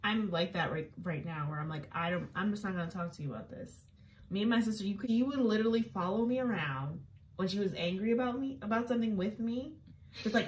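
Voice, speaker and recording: A woman hosting a casual chat, talking in quick back-and-forth and acting out her own replies. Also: mid-range voice, recorded from a distance, slight background noise. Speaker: host.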